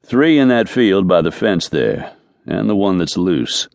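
A man doing a weary, gruff rodeo cowboy. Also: low-pitched, very animated, measured pace, a little mellow, no room sound, studio quality, full character voice. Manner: clipped and terse.

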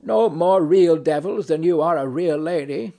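A man's voice: fairly high pitch, unhurried, vocal fry, mellow. A man reading a play aloud, voicing a weary, ironic nobleman who speaks in a dry, mocking, philosophical way. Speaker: audiobook narrator.

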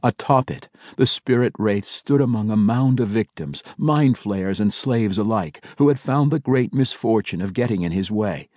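A male audiobook narrator tells a fantasy story in a measured, dramatic way. His voice is low with a husky texture, recorded close and dry with no room sound. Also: darkish tone, dry recording. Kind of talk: scripted narration.

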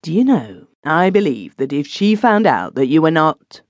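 A man reading an audiobook voices a glib, teasing young gentleman who is deep in debt. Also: very animated, moderate pace, dry recording. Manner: teasing, wheedling.

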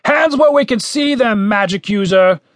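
A man voicing a stern male soldier commander who shouts threats and orders in an audiobook. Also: high voice, animated, normal speed, no echo, pitched above the performer's own voice. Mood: barking orders.

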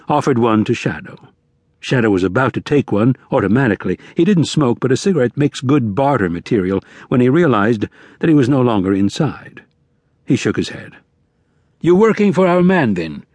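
A man narrating an audiobook in measured, lively storytelling. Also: medium pitch, breathy edge, no echo, studio quality.

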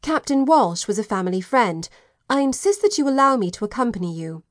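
A woman voicing a determined young Englishwoman who solves crimes, in an audiobook, with an insistent, brisk manner. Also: a little high, sing-song, no echo, clean studio sound. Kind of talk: audiobook character voice.

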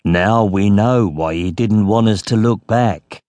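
A male narrator voicing a gruff, menacing warrior sailor who speaks in a low purr. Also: slow pace, no echo, natural voice.

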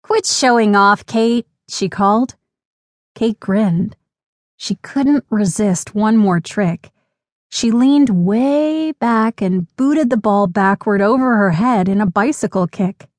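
Woman narrator for a kids' audiobook: gentle, unhurried, close dry studio. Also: medium pitch, no echo. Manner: clear, gentle, measured. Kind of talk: scripted children's audiobook narration.

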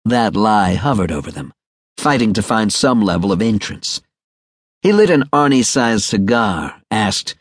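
A man's voice: lowish voice, big pitch swings, measured pace, no echo, clean studio sound. A man narrating a crime audiobook with a wry, sardonic delivery. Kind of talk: scripted noir narration.

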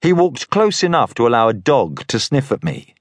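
A man narrating an audiobook in the first person with measured, expressive storytelling, recorded on a studio microphone. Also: medium pitch, no echo.

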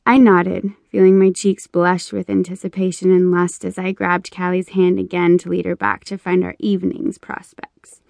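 A woman narrating a romance audiobook in the first person, with measured storytelling. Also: lowish voice, little pitch movement, creaky, a little mellow, no room sound, clean studio sound.

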